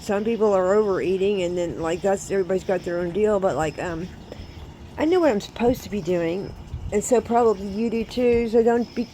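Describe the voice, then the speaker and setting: Woman, mellow mid-range voice, rambling faith-filled storytelling, faint noise behind. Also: medium pitch, brisk, rough recording. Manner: rambling, emphatic, preachy about faith; frequent fillers like "so, like" and "um". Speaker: vlogger sharing a personal faith story. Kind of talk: casual storytelling monologue.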